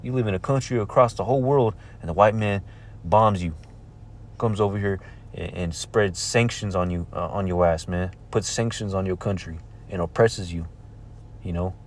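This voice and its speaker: Speaking at normal speed in a low voice, a man reads scripture verses aloud in archaic wording and preaches in a relaxed, informal way. He keeps checking in between passages with "all right?" and "man," over a faint hiss or hum.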